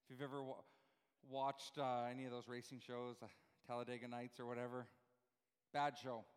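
A pastor delivering a sermon, preaching fervently and asking the congregation rhetorical questions. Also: male voice, mid-range voice, little pitch movement, brisk, smooth, long reverb tail. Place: church room with live audience, also streamed.

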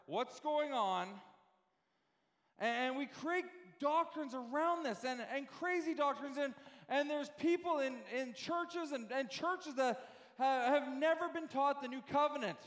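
A man preaching a sermon as pastor, animated and full of rhetorical questions, often repeating words as he goes. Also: extremely high pitch, unhurried. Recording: echoey hall reverb.

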